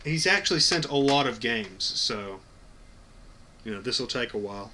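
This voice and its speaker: A man's voice: mid-range voice, lively intonation, normal speed, bright, forceful tone, slight background noise. A man hosting a casual unboxing video, talking bluntly and enthusiastically with plenty of swearing. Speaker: video host.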